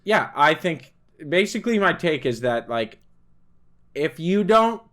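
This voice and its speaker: A young man with a fairly high voice chats on a podcast. He rambles through drinking stories, swears freely, and gets loud and laughing as a tale builds. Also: very animated, a little slow. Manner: rambling, profane storytelling that grows loud and laughing. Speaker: podcast co-host. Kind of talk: casual chat.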